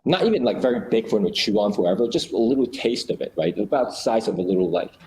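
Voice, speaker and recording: A man's voice: lowish voice, lively intonation, quick pace, a little mellow, low-quality recording. A man in a casual chat, explaining ideas through little acted-out stories, with many fillers and restarts.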